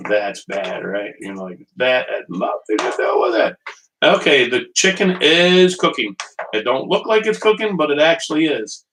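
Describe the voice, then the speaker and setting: A man's voice: a little high, wildly swooping pitch, normal speed, a bit bright, slight background noise. A man hosting a live home cooking stream, rambling and joking with viewers while he waits on his stove. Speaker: home cooking show host. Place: kitchen at a small portable stove. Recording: distant mic.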